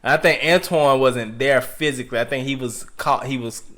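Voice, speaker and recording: A man co-hosting a podcast tells a story in a loose, profane, rambling way, often breaking into laughter. His voice sits at an ordinary middle pitch. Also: normal speed, bright, forceful tone. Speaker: podcast co-host. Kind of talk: casual storytelling chat.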